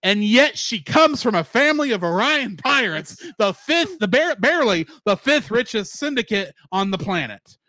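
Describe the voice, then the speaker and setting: A man with a fairly high, very animated voice co-hosts a casual review podcast. He recaps the episode and throws in quick acted lines from the characters. The sound is close and dry. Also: no echo. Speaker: podcast co-host.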